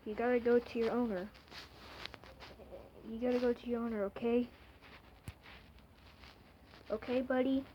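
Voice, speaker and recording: A woman's voice: fairly high pitch, little pitch movement, a little slow, pauses often. Pleading young woman outdoors, noisy lo-fi audio. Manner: soft, pleading, apologetic. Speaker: vlogger. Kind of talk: casual talk to an animal. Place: outdoors by a house door in the cold.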